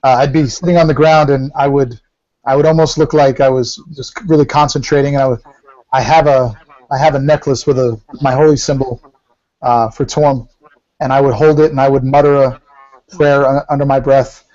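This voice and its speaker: Guy describing his character, kinda halting, dull muffled sound. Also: mid-range voice, steady tone, darkish tone. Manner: hesitant, many fillers and restarts. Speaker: player. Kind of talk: narrating his character's actions. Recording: muffled lo-fi recording.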